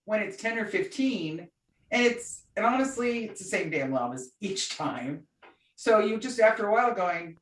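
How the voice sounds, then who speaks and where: A woman's voice: mid-range voice, moderate pace. A woman co-hosting a podcast, telling a story in casual chat and acting out the voices of the people in it. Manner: chatty, animated storyteller, acts out quoted voices. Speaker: podcast co-host. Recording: echoey room, distant mic.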